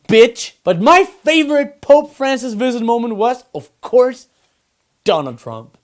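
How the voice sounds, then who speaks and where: A man's voice: extremely high pitch, darkish tone. A man hosting a satirical comedy news show, delivering mocking, sarcastic punchlines. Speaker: host.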